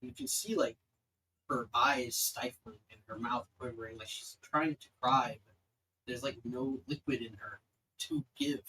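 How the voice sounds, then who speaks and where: Bright-voiced young dungeon master, rambling. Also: male voice, medium pitch, animated, measured pace, a little hiss or hum, poor audio. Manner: rambling, filler-heavy narration. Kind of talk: casual narration of a tabletop game.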